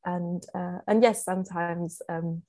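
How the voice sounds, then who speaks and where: A woman's voice: fairly low pitch, steady tone, unhurried, warm tone, no echo. Chatty young woman, English. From Austria. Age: young adult. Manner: chatty storyteller, laughs often. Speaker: actor guest. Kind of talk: casual interview chat.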